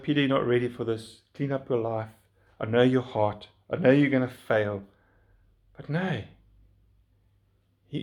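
Slow, earnest preacher man. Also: mid-range voice, darkish tone. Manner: earnest, pleading, rises when urging listeners. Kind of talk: sermon.

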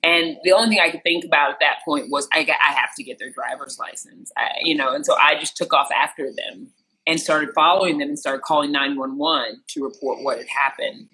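Entertainment interviewer from rural Missouri, animated storyteller, bright and forceful delivery. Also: a little fast, poor audio. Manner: animated, acts out quotes with sharp jumps in pitch. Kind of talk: personal storytelling.

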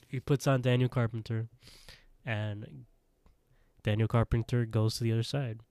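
A man's voice: mid-range voice, fairly even intonation, measured pace, long pauses, darkish tone, no echo, studio quality. A man co-hosting a podcast, casually recapping an episode in a rambling way. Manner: rambling retelling with quoted voices and laughs. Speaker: podcast co-host.

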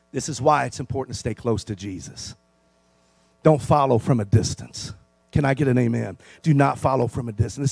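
A man preaching a sermon as pastor, calling for amens and swinging between hushed, low passages and loud, rising ones. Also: no room sound.

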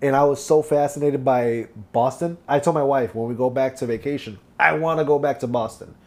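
A man from Chicago in casual chat, telling stories in a relaxed way that trails off softly. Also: mid-range voice, brisk.

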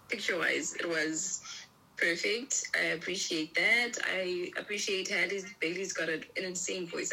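A woman's voice: lowish voice, sharp tone, slight background noise, rough recording. A woman co-hosting a casual podcast, chatting and rambling as she gives her opinions while chewing food. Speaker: podcast co-host. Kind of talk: casual chat.

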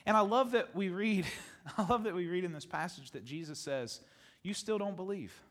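A male pastor preaching a sermon to his congregation, animated, repeating phrases for emphasis and laughing often. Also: high-pitched, moderate pace. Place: church sanctuary with congregation.

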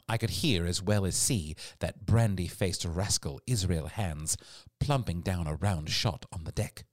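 A man narrating a classic adventure story in an expressive storytelling read. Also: low-pitched, measured pace, no echo, clean studio sound. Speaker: audiobook narrator. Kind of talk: scripted narration.

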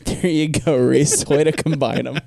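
A man's voice: a little high, steady tone, moderate pace, creaky, dark tone, dry recording, studio quality. A young man co-hosting a podcast, chatting casually with a playful, teasing manner and laughing often. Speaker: podcast co-host. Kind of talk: casual chat.

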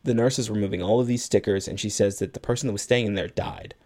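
Man, podcast co-host, fairly low voice, casual plot recap, acts out film lines. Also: steady tone, quick pace, a little mellow. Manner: retells a film plot at length, acting out lines of dialogue. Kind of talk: casual movie recap chat.

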